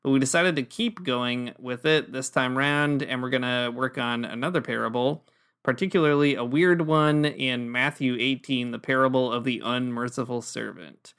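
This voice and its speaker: A man's voice: mid-range voice, normal speed, fairly bright tone, clean tone. Easygoing man co-hosting a podcast. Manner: joking, easygoing, frequent fillers. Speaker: podcast co-host. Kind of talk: casual chat.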